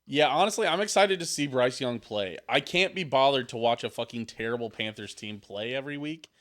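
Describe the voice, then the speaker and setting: A man's voice: medium pitch, brisk, fairly bright tone. A man co-hosting a sports podcast in loose, joking chat, swearing freely. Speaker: podcast co-host.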